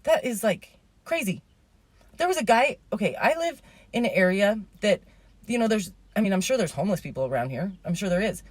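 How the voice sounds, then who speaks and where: A woman's voice: medium pitch, animated, brisk, no room sound. A woman in her thirties telling a rambling, indignant story as a vlogger, swearing and then apologizing for it.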